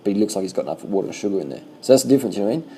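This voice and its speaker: A man casually commenting on bike race footage as a vlogger, swearing freely and talking in loose animated bursts. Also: fairly low pitch, very fast, slight background noise, low-quality recording.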